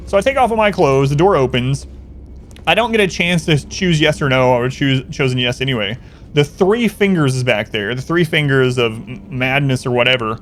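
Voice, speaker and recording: A man's voice: mid-range voice, brisk, a bit bright, a little hiss or hum. A man chatting casually on a game stream, rambling through a story and answering chat.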